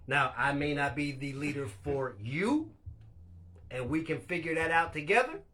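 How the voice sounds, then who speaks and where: A man's voice: a little high, animated, normal speed, bright, forceful tone. A man hosting a casual live chat, talking candidly and loosely, laughing often and swearing freely. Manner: speaks of being a leader. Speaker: live stream host.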